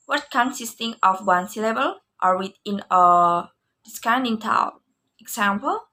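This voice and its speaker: A woman's voice: mid-range voice, expressive, unhurried, sharp tone. A young woman with an Indonesian accent, reading a student class presentation on English stress and repeating each example word twice. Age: young adult.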